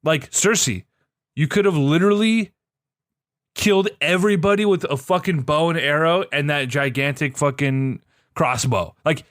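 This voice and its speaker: A young man co-hosting a podcast, ranting in a profane, exasperated way with sudden jumps up in pitch. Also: normal speed, a bit bright, no room sound, clean studio sound. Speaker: podcast co-host. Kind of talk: casual chat.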